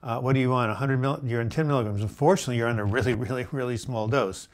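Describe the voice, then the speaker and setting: A middle-aged man hosting a live chat, reading viewer comments aloud and answering them with gentle advice, full of fillers and restarts. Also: mid-range voice, very fast. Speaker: host answering viewer questions.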